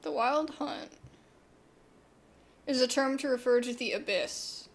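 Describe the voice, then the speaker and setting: A woman's voice: sits high, animated, slow pace. A woman streamer chatting casually and rambling while playing a game. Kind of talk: casual gameplay commentary.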